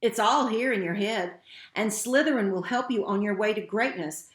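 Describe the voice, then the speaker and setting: A woman's voice: mid-range voice, normal speed, natural voice. Sorting Hat: a woman doing a musing old magic hat. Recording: roomy echo.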